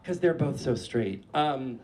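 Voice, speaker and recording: A man in his forties from New Hampshire tells a casual, profane, animated story on stage in front of a live audience. His voice is medium-pitched and a little slow.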